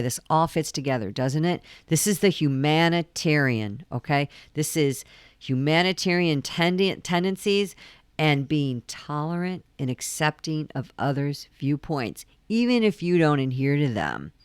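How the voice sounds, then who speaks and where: A woman's voice: sits low, animated, measured pace, clean tone, dry recording, studio quality. A woman astrologer talking through a full moon forecast in a casual, earnest way, often repeating her key points between ums.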